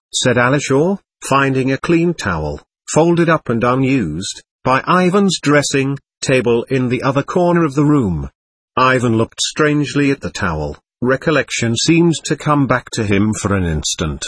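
Husky-voiced male audiobook narrator. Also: medium pitch, sing-song, normal speed, fairly bright tone, dry recording. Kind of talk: scripted narration.

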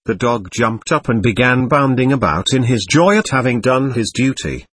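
A man reading a novel aloud as an audiobook narrator, measured and expressive. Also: mid-range voice, breathy edge, no room sound. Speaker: audiobook reader.

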